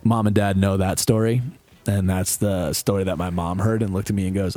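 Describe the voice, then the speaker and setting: A man's voice: low-pitched, fairly even intonation, brisk, dark tone, faint music behind. A young man co-hosting a podcast, telling a rambling, profane story in casual chat. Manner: profane, rambling storyteller who acts out quotes. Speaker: podcast co-host.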